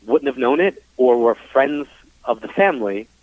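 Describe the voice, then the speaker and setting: A man's voice: medium pitch, animated, moderate pace, no room sound. A man from New York, a psychic medium, telling his story in a casual interview, frank and full of fillers. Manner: chatty, frank, many fillers, acts out quoted dialogue. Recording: dry tinny phone-like line.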